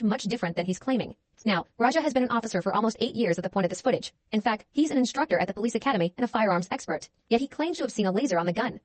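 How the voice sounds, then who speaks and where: Brief: female true-crime narrator, brisk scripted read, dry pointed delivery. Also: mid-range voice, no room sound. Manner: matter-of-fact, dryly pointed.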